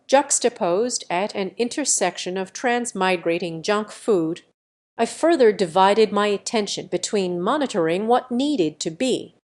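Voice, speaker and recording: A woman narrating a memoir as an audiobook, in an even, steady reading voice. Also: mid-range voice.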